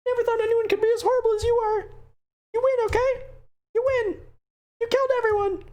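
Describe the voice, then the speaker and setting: A man reading a heartbroken young anime schoolgirl's game lines in a high, dramatic falsetto. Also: level tone, a little fast, a little mellow. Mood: bitter, despairing.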